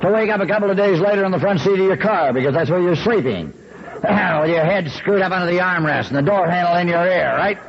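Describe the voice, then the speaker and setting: A man in his sixties telling his recovery story with wry, folksy humor, often clearing his throat. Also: sits high, brisk, highs cut off, slight background noise.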